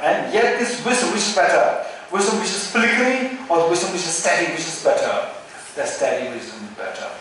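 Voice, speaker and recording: A man's voice: high-pitched, a bit bright. A man with a Tibetan accent giving a Buddhist Dharma teaching, repeating words and asking "right?" as he goes. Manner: repetitive, rhetorical questions with "right?". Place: retreat teaching hall. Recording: very echoey hall, distant mic, faint noise.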